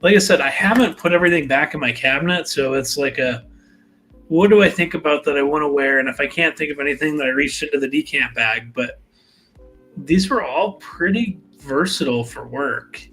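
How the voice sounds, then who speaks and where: A man's voice: fairly high pitch, a little fast, a bit bright, soft background music. A man hosting a live fragrance chat, talking in a rambling, laid-back way full of fillers. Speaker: fragrance channel host.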